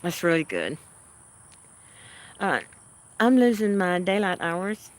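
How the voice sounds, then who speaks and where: This livestream host speaks in a lowish voice with big swings in pitch. She takes her time chatting with her audience, responding to their comments in a cozy, homey manner punctuated by soft laughter.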